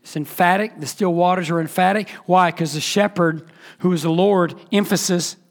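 A man preaching a sermon with a high voice. He delivers it with emphasis, leaning into key words, then sinks to a near hush before building back up. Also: steady tone, moderate pace. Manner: emphatic preaching, swings between loud and hushed. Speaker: pastor.

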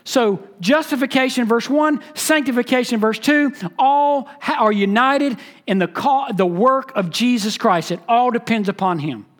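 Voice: mid-range voice, moderate pace, hardly any pauses. A pastor preaching an expository sermon, emphatic and teaching, repeating key phrases and asking the listeners questions.

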